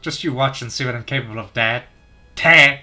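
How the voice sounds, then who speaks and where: A man voicing a cheerful, energetic teenage girl while reading game dialogue aloud, with an upbeat, bubbly delivery. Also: mid-range voice, quick pace, natural voice. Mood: determined.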